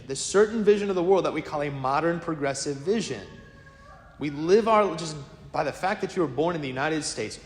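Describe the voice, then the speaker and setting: High-voiced priest in an echoey church. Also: male voice. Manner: lively storytelling, acts out quoted voices; casual, conversational preaching to a congregation. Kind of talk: sermon. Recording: echoey church with long reverb.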